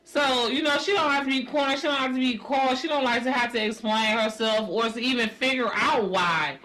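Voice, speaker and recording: A woman's voice: fairly high pitch, a little fast, sharp tone. A woman co-hosting a podcast, talking bluntly and jokingly with slang and profanity. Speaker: podcast co-host. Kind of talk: casual chat.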